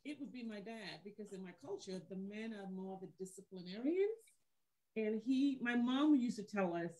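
A woman panelist in a casual discussion, offering soft backchannels and emphatic asides. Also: mid-range voice, normal speed, poor audio.

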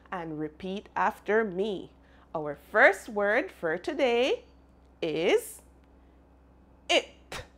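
A woman teaches phonics to young children, speaking very slowly and spelling out each sound. Her pitch swoops up and down in a bright sing-song way as she invites the class to repeat after her.

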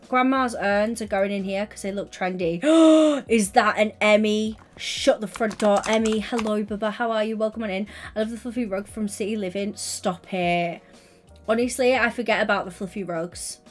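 A woman's voice: medium pitch, fairly even intonation, normal speed, faint music behind. A woman chatting casually on a gaming livestream, gushing and affectionate as she greets viewers by name.

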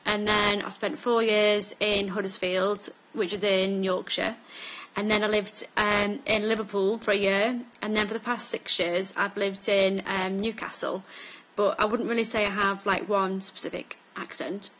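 A woman's voice: medium pitch, level tone, fairly bright tone, poor audio. A woman in her twenties from Staffordshire, with a mixed northern English accent, chatting casually through a word list in an accent tag video with many ums. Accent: northern English mix. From Staffordshire, England. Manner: unhurried, with frequent ums. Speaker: vlogger.

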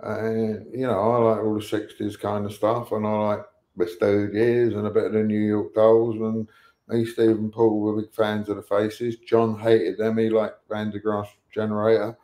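Low-voiced older man. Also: monotone, normal speed, dark tone. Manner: rambling storyteller, acts out quoted lines. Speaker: guest musician. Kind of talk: casual anecdote-telling in an interview. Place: online live show.

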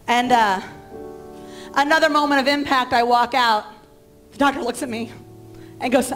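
A woman's voice: high-pitched, steady tone, normal speed, long pauses, a bit bright, soft background music. A middle-aged woman pastor telling a personal story in a sermon, acting out the dialogue of the people in it. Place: church sanctuary.

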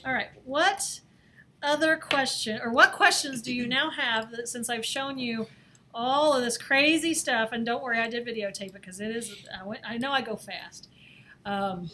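A woman teaching a screen-recorded design software lesson, talking in a chatty, playful way and laughing at herself as she works. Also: a little high, normal speed, slight background noise. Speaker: design instructor. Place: office or classroom.

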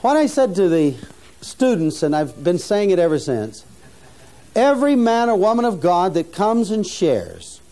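A man's voice: fairly high pitch, mellow. Earnest older man preaching to students. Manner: earnest, preacherly, rising to emphasis, with frequent restarts. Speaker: mission founder teaching students. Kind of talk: sermon-style teaching talk.

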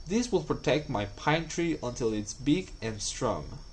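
A man doing a steady, helpful young bear. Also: mid-range voice, a little slow, a little hiss or hum, lightly acted. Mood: reassuring.

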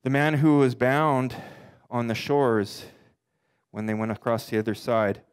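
A middle-aged pastor preaching a sermon earnestly, his voice climbing for emphasis and sinking low for the darker points. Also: clean tone. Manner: earnest preaching, rising and dropping in pitch for emphasis; quotes scripture in slow deliberate voice.

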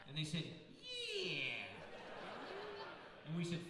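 Man, fairly high voice, brisk profane storytelling, echoing hall, crowd noise. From United States. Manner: brisk, profane, punchline-driven delivery. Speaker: comedian telling a story on stage. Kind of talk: live comedic storytelling. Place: large venue with live audience. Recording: echoey hall from far off with crowd.

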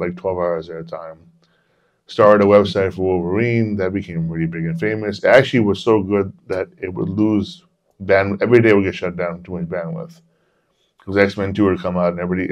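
A man's voice: sits low, a little mellow. A man co-hosting a podcast, telling a long personal story in a rambling, casual way and swearing freely. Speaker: podcast co-host. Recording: dull lo-fi podcast audio.

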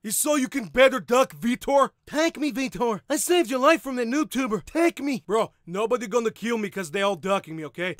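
A man's voice: extremely high pitch, lively intonation, moderate pace, a bit bright, no room sound, clean studio sound. A man voicing a cheerful cartoon male fighter playing a shooter game, talking in broken English and giggling. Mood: gleeful.

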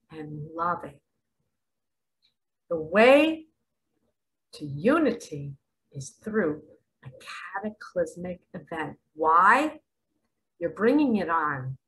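Slow, bright-voiced preaching woman. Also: lowish voice, poor audio. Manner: dramatic, swings from hushed asides to loud exclamations; asks rhetorical questions. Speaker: self-styled spiritual guide. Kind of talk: preaching monologue to camera.

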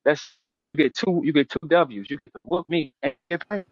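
Middle-aged male host, brash trash talker, slightly high voice, dull dry recording. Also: moderate pace, no echo. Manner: brash, repetitive, calling out a rival. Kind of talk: animated trash talk in a casual interview.

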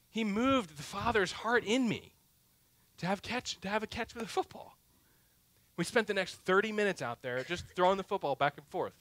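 Preaching a sermon in a church sanctuary, this thirtysomething pastor has a bright, high voice and tells a self-deprecating tale. His lines alternate between loud and punchy and soft and quiet. The sound is close-miked and dry, with hardly any reverb.

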